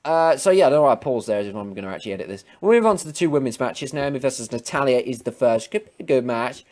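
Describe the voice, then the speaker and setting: A man giving casual, rambling wrestling predictions to camera, swearing freely and quickly getting heated. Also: medium pitch, animated, a little mellow. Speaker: wrestling preview vlogger. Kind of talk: casual unscripted commentary.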